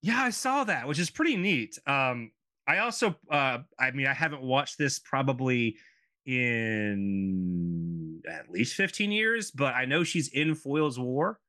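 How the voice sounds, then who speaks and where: Man in his thirties, podcast co-host, rambling, bright voice. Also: medium pitch, sing-song, measured pace. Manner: rambling with many fillers and asides. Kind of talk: casual chat.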